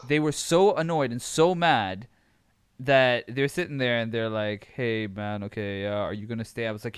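A man's voice: mid-range voice, normal speed, smooth, no echo. A young man from Abu Dhabi telling a story in casual chat, swearing freely and often laughing as he talks. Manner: animated, swearing, laughs while telling stories.

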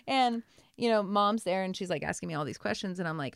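A woman hairstylist telling her story in a casual interview, animated and acting out what people said. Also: lowish voice, a little fast, vocal fry, clear, resonant tone, no room sound, studio quality. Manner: animated, acts out quotes, laughs often. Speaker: guest, hairstylist.

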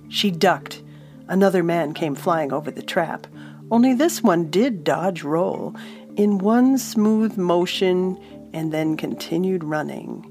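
A woman narrating a fantasy story in a calm, measured audiobook style. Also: on the low side. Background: soft instrumental music.

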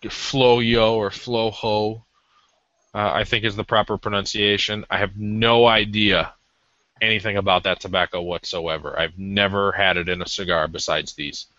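A man's voice: low-pitched, fairly even intonation, moderate pace, pushed and bright, no echo. A man co-hosting a podcast, reviewing a cigar in a rambling, casual way with many ums. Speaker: podcast co-host. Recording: dull lo-fi audio.

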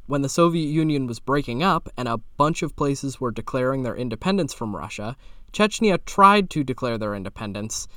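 A young man hosts a podcast and tells a story half off the cuff, with a cheeky, sarcastic edge and casual swearing. His voice sits in an ordinary middle pitch and jumps up when he stresses a point. The sound is dry and close, with no room echo. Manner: animated pitch jumps for emphasis. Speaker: podcast host.

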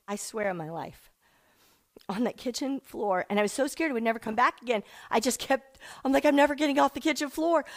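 Middle-aged woman telling her faith story, gets emotional, does voices for people she quotes, kinda high pitched. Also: a bit bright. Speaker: speaker sharing a personal testimony. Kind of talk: personal faith testimony storytelling.

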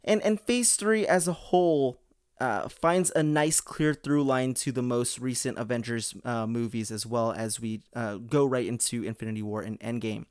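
Smooth-voiced man hosting a podcast. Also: medium pitch, steady tone, moderate pace, no room sound, studio quality. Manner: rambling, full of "uh" and restarts. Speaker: podcast host. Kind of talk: casual chat.

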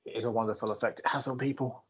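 A man's voice: medium pitch, fairly even intonation, rapid-fire. A British man co-hosting a podcast, chatting about football with lots of laughter and swearing. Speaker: podcast co-host. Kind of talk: casual chat about football. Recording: dull lo-fi recording.

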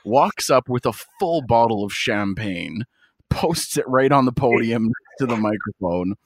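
A man's voice: mid-range voice, animated, unhurried. A man co-hosting a podcast, laughing and recounting in casual chat. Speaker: podcast co-host.

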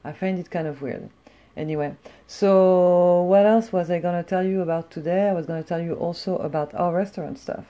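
A woman's voice: on the low side, steady tone, fairly quick, dull audio. Blunt, profane woman telling a story. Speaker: vlogger. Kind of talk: casual storytelling rant.

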